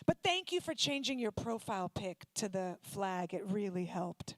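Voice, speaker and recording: A woman from Ukraine doing stand-up comedy, teasing audience members in quick banter on a handheld stage mic. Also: mid-range voice, very animated, no echo. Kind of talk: stand-up comedy with crowd work. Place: comedy night venue before a live audience.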